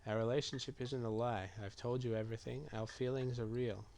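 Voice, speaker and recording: A man streaming a game, reading typed chat messages and reply choices aloud in a low-key, musing way. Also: fairly even intonation, fairly quick, few pauses, a little mellow, slight background noise. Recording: clear keyboard typing behind voice.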